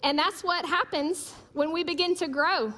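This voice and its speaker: A woman's voice: very high voice, moderate pace, sharp tone. A woman preaches a sermon, with emphatic repeated declarations and humorous storytelling.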